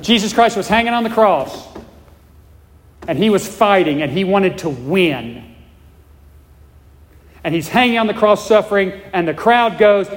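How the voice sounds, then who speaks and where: A male pastor delivers a sermon in a fairly high voice. He is emphatic, stacking rhetorical questions and repeating words as he builds his points. His voice rings out with a long reverb, as if in a large church hall. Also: lively intonation, measured pace, long pauses.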